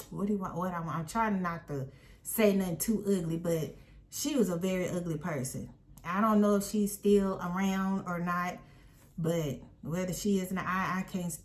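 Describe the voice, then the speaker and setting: Woman, casual storytime, lowish voice, emphatic and animated.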